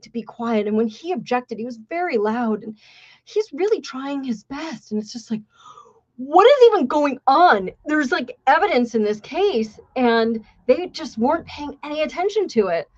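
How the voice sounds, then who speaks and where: A woman's voice: fairly high pitch, darkish tone, dull audio. A woman hosting a podcast, telling a story in a blunt, sarcastic and profane way. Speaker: podcast host. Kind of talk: casual storytelling.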